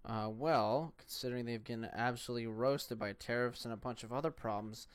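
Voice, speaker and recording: A man giving rambling, profane, animated commentary as he reacts to a debate clip. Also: medium pitch, brisk, clear, resonant tone, no room sound.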